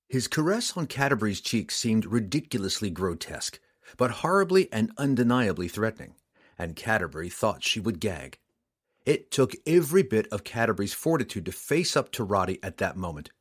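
Male audiobook narrator: husky, lively delivery, measured and expressive. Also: fairly low pitch. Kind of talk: scripted narration.

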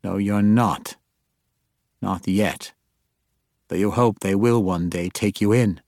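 A man voicing an imperious female dark elf matriarch in an audiobook, speaking in a cold, commanding and quietly threatening way. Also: on the low side, takes it slowly, creaky, dry recording, studio quality. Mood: scornful. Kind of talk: audiobook character voice.

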